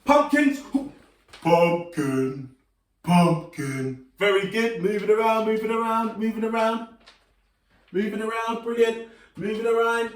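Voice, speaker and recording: A man's voice: very high voice, completely flat delivery, moderate pace. A man leading a children's movement and relaxation workshop, upbeat and encouraging, with playful sing-song call-outs. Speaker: workshop leader. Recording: roomy sound, voice from some distance.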